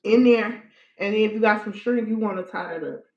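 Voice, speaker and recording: A woman's voice: medium pitch, fairly quick. Brash woman host, cursing freely, casual livestream delivery, dull lo-fi sound. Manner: blunt, profane, emphatic. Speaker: spiritual practitioner. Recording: echoey room, dull lo-fi sound.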